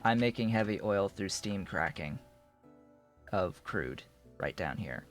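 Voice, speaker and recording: A man's voice: deep voice, expressive, measured pace, faint music behind. A man streaming a game, thinking aloud in a rambling way with many restarts. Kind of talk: casual live-stream commentary while playing.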